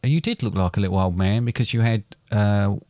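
A middle-aged man tells a family story as podcast co-host, often stumbling and repeating words. His voice sits on the low side. The recording is close and dry with no room sound. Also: brisk, dark tone, no room sound. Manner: hesitant, repeats words, gets choked up. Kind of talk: casual storytelling chat.

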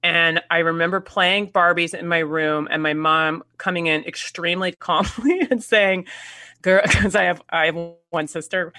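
A woman in her forties, an actor guest in a casual conversation, telling stories animatedly with halting restarts and frequent laughs. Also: on the low side, fairly even intonation, sharp tone. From United States.

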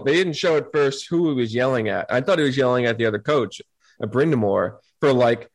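A man co-hosting a casual sports talk show, thinking aloud in a measured, conversational way. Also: medium pitch, poor audio. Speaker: podcast co-host.

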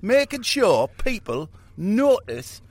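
A man's voice: sing-song, slow pace, breathy edge, dry recording, full character voice. A man doing a smug jet-setting Geordie rock star. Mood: mocking. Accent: attempted Geordie. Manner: high, loud, mocking, sweary.

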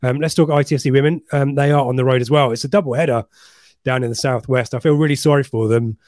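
A man's voice: mid-range voice, steady tone, fast, a little mellow, dry recording, clean studio sound. A man co-hosting a live podcast, chatting casually and reading out listener messages. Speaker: podcast co-host.

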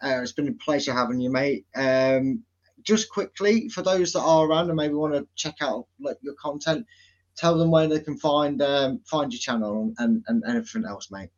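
A man's voice: mid-range voice, moderate pace, a little mellow. A man hosting a casual football podcast, chatty and teasing, often calling people mate. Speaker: podcast host. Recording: slightly dull lo-fi sound.

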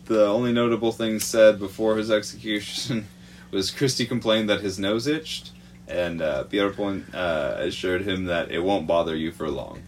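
A man's voice: fairly low pitch, moderate pace, a little hiss or hum. A man co-hosting a podcast, presenting a true crime report in casual chat, hesitant and full of fillers, swearing freely.

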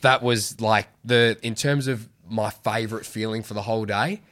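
A man, hosting a podcast and telling a story in an animated, casual way, swearing freely and acting out what people said. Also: on the low side, moderate pace. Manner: swears freely, acts out quotes. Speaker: podcast host.

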